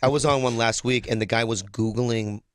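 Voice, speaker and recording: A man's voice: mid-range voice, steady tone, moderate pace, smooth, dry recording, clean studio sound. A man who is a comedian, guesting on a radio show and telling rambling, self-deprecating stories. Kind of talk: casual radio interview. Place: radio studio.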